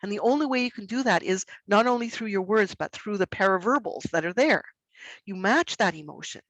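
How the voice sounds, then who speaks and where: A middle-aged woman presenting a workshop for educators in an expressive way, acting out examples in her voice. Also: medium pitch, fairly quick, no echo, low-quality recording. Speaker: workshop presenter on student behaviour. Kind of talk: educational webinar talk.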